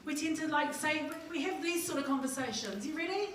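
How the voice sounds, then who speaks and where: A woman's voice: sits high, expressive, brisk. Middle-aged New Zealand woman, conference speaker, jokey storyteller, heard from a distance in a reverberant hall with room noise. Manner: chatty, jokey, acts out little dialogues. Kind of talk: humorous motivational talk. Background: audience laughing.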